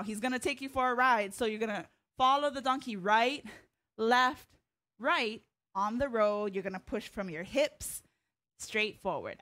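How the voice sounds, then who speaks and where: A woman's voice: medium pitch, fairly bright tone. A woman teaching an online hula lesson, counting the beats, chanting cues and explaining moves in a friendly, joking way. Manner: friendly, explains with small jokes and laughs.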